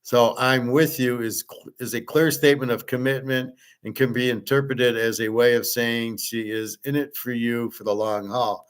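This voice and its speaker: A man's voice: mid-range voice, steady tone, normal speed, smooth. Rambling blunt middle-aged man talking casually. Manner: rambling, blunt, repeats himself, swears. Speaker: host. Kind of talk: casual chat to viewers.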